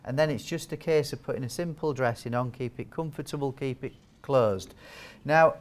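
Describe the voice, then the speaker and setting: A man's voice: medium pitch, a little mellow. A man giving a training talk to nurses as a wound care trainer, chatty and joking, quizzing the audience. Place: training hall with a live audience.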